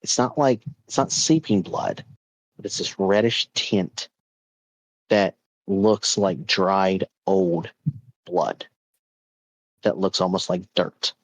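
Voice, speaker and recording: A podcast host with a low voice tells a haunted-object story in a chatty, animated style, using lots of casual filler words as he builds tension. He speaks slowly and pauses often, and the recording is dry, close, echo-free, and of poor quality.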